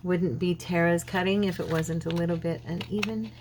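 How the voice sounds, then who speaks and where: A woman hosting a casual crafting tutorial, chatting and talking to herself as she works, with a frog in her throat that keeps her clearing it. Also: lowish voice, fairly even intonation, moderate pace, noisy background. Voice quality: chatty, talks to herself while working. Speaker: craft channel host.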